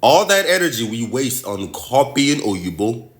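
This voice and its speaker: A man's voice: medium pitch, big pitch swings, unhurried. A Nigerian man hosting a passionate commentary vlog, talking in an impassioned, preachy way and repeating phrases for emphasis. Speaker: host.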